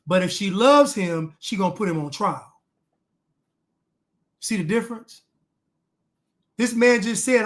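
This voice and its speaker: A man's voice: sits high, moderate pace, long pauses, a bit bright. A man reacting to clips with blunt, emphatic commentary, repeating lines for emphasis.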